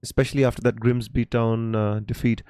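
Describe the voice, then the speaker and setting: A man's voice: medium pitch, little pitch movement, fairly quick, mellow, clear, resonant tone, dry recording. A man hosting a live stream, casually answering viewer questions with many fillers and restarts and calling people mate. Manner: reads viewer comments aloud.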